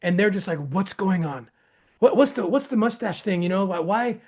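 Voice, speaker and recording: A man hosting an interview tells a long story with excitement. He acts out the voices of other people, with his pitch jumping up sharply, restarts often, and laughs as he goes. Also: moderate pace, slightly rough. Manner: excitable, acts out quoted dialogue with jumps in pitch. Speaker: host.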